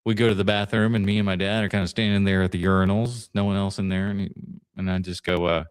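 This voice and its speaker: A man's voice: deep voice, level tone, fast talker, smooth. A man hosting a podcast, chatting casually and telling long rambling stories with fillers and laughs along the way. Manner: rambling storyteller, laughs mid-story, many fillers. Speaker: podcast host.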